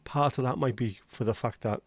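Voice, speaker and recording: A man's voice: mid-range voice, fairly quick, breathy edge, no echo. A man hosting a casual livestream chat, rambling and reading out viewer comments. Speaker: livestream host.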